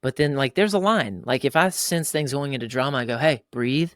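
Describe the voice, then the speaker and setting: A man in his thirties co-hosting a casual faith-based parenting chat, animated and acting out fathers and kids in quick voices. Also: mid-range voice, no room sound, clean studio sound. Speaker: podcast co-host.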